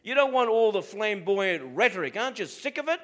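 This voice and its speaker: A man's voice: high-pitched, sing-song, brisk, a bit bright. A middle-aged Australian man preaching a sermon as pastor, in a plain-spoken, direct way.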